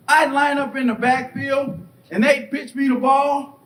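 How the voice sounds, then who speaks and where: Middle-aged male keynote speaker, high and animated, storytelling with voices; captured from afar in a reverberant hall. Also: a little slow. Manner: animated storytelling, acts out voices and asks the crowd questions. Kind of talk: motivational keynote speech. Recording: echoey hall, distant mic, faint rumble.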